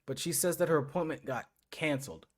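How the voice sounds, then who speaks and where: A man co-hosting a podcast, recapping a show in casual chat and acting out quotes in low mumbles. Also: expressive, fairly quick. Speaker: podcast co-host.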